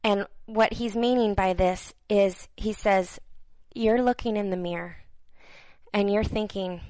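A woman delivering prophetic words to viewers as a minister, earnest and halting, repeating phrases for emphasis and dropping into soft, near-whispered passages. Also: mid-range voice, fairly even intonation, no room sound, poor audio.

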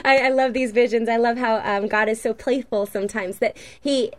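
A woman minister delivering spontaneous prophetic words to listeners, earnest and halting, with many fillers and repeated phrases. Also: on the high side, fairly even intonation.

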